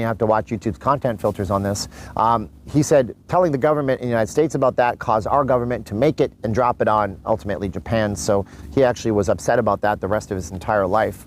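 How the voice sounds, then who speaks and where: A man's voice: on the low side, a little hiss or hum, poor audio. A man born in Canada, vlogging in a chatty, rambling way with asides to his viewers, a mask on as he talks. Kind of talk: casual vlog commentary. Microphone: mask on while talking.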